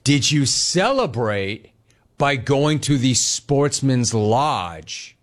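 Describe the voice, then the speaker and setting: A man's voice: medium pitch, drawn-out words. A man in his forties from Los Angeles hosting a sports talk show, telling rambling stories and reading live chat. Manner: animated, rambling storytelling, repeats phrases.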